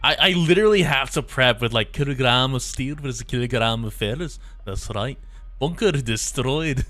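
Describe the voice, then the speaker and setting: Male streamer who reads game lines in voices and cracks up at himself; sharp, bright tone. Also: medium pitch, brisk, no echo, faint music behind. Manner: voices characters, breaks off laughing at himself. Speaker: streamer reading game dialogue aloud. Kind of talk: casual live game stream with voiced dialogue.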